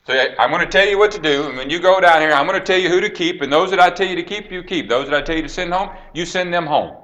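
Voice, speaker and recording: Bright-voiced man preaching a Bible story. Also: sits high, fast talker. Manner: dramatic storytelling, acts out quoted lines, drops to a hush then rises. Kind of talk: sermon retelling a Bible story.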